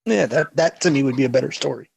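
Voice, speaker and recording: A man's voice: mid-range voice, quick pace, gravelly, darkish tone, slightly rough, no echo. A man co-hosting a podcast, speaking casually and a bit tentatively. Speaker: podcast co-host. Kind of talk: casual chat.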